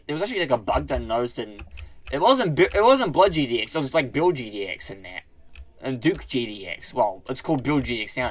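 A man hosting a let's play, commenting excitedly on his own gameplay, exclaiming, swearing and rambling as he corrects himself. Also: medium pitch. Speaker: gaming channel host.

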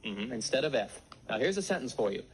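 A man teaching ventriloquism on a scripted instructional record, patient and gently firm as he coaches. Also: mid-range voice, sing-song, fast talker, slight background noise, low-quality recording.

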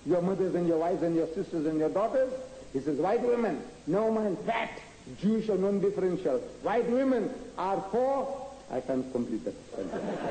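A mellow, higher-pitched male voice responds to questions from the audience at a public lecture. His manner is combative and emphatic, full of rhetorical questions. The archive tape has an echoey hall sound with faint noise.

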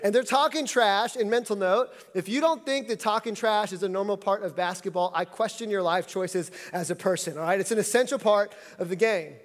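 A man in his thirties delivers a sermon with a notably high voice, joking and telling stories in a loose, conversational way. His words carry through a church hall with a long echo. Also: a little fast, few pauses. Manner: humorous, conversational storytelling. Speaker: pastor.

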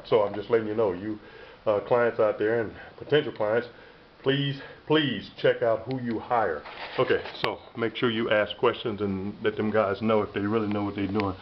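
Man with a lowish voice, chatty self-promoter, walking a house on a handheld camera mic; dull lo-fi audio. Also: a little hiss or hum. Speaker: plaster artist. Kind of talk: casual walkthrough video. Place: indoors in a house, walking between rooms. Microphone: handheld camera mic, filming himself.

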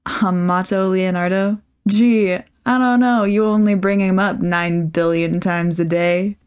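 A woman's voice: medium pitch, steady tone, measured pace, darkish tone, clean tone, lightly acted. A woman voicing a sarcastic ten-year-old rabbit boy in a storybook reading, drawling and dry.

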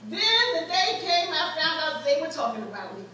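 A woman's voice: high voice, very animated, fairly quick, pushed and bright. A woman preaching a sermon as guest preacher, telling stories from her own life with rising fervor. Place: church sanctuary. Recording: echoey church from far off.

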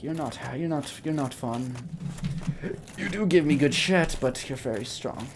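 Playing a game, a young man keeps up a casual let's-play commentary, rambling, cracking jokes, and cursing at enemies. He speaks at medium pitch and normal speed in an animated way, over slight background noise.

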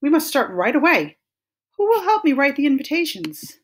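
A woman reads a storybook aloud, voicing a hardworking, fed-up female iguana in an exaggerated, fairly bright voice pitched above her own. She starts eager, then turns exasperated and emphatic, very animated but at a measured pace.

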